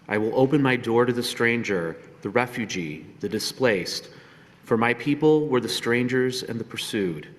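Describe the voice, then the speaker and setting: A man reading a remembrance text aloud at a ceremony, in a measured, grave manner. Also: mid-range voice. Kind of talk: solemn recited liturgy. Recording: reverberant hall.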